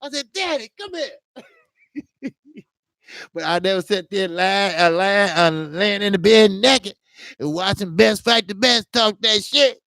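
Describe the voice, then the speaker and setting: With a high, pushed, bright voice, a man hosting a casual boxing livestream tells a funny story in slang, laughing frequently and tacking a drawn-out "man" onto his lines. The recording is clean studio sound with no room sound.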